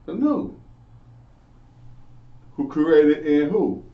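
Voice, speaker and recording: A man's voice: a little high, expressive, drawn-out words. A man giving an informal Bible lesson, earnestly preaching and asking questions he then answers himself. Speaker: Bible teacher. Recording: echoey, distant, dull lo-fi.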